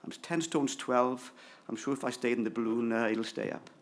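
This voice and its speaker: A man's voice: mid-range voice, steady tone, normal speed, noisy background. A man surgeon presenting evidence in a conference debate, hesitant and understated. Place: conference hall.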